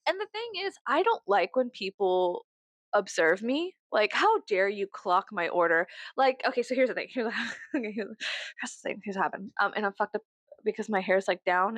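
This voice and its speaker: Chatting to camera from her bedroom, this young vlogger has a Southern US accent and a rambling, foul-mouthed style broken by sudden loud, high-pitched bursts. There's no room sound on the recording.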